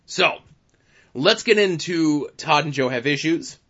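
A man's voice: a little high, animated, unhurried, a bit bright, dull audio. A man hosting a podcast, making upbeat plugs and segment intros in casual chat. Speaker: podcast host.

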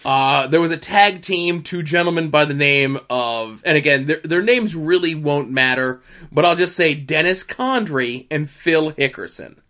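Man, bright forceful voice, animated storyteller, casual chat, sly asides. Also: a little high, unhurried.

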